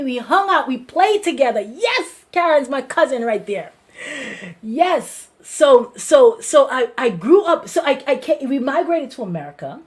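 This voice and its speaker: A Guyanese woman pastor telling her life story in an animated way, with lots of repetition and restarts. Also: high voice, measured pace. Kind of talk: personal testimony to a congregation.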